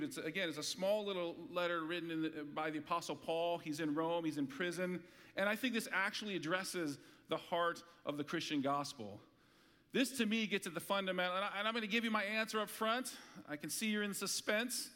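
A man's voice: high-pitched, a bit bright, big-room sound. A man preaching a sermon as pastor, talking conversationally with rhetorical questions and light humor. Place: church hall.

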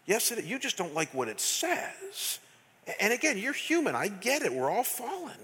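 A man's voice: high-pitched, huge pitch swings, moderate pace, sharp tone, husky. A middle-aged man preaching a passionate sermon as pastor, emphatic and quizzing the congregation. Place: church sanctuary. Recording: long hall reverb.

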